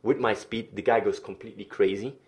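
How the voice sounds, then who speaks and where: A man telling a story on a livestream, animated, swearing, often restarting his sentences. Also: on the low side, fairly quick. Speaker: streamer.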